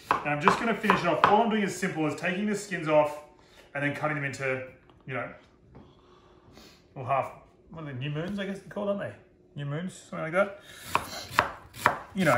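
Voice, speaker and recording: A man, a chef giving a chatty, self-deprecating live cooking demonstration from a kitchen. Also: fairly high pitch. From Australia. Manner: chatty, self-deprecating, laughs at own slips. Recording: roomy echo, faint noise.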